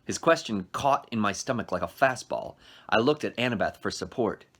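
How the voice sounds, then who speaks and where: A male teacher reading a novel aloud to his class at a brisk storytelling pace, adding short asides. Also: on the low side, expressive, a bit bright.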